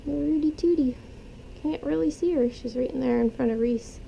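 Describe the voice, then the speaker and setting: Soft-spoken woman soothing her pets. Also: high voice, normal speed, creaky, slight background noise, rough recording. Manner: soothing, talks softly to animals. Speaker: pet vlogger. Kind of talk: casual talk to pets while cleaning cages. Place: indoor room with pet cages.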